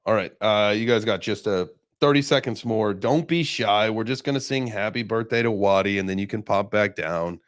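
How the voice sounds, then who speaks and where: A man with a fairly low voice hosts a casual chat, rambling along loosely with plenty of fillers. The sound is close and dry, with no room around it. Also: moderate pace, few pauses, no room sound. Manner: relaxed, rambling, many fillers. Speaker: host.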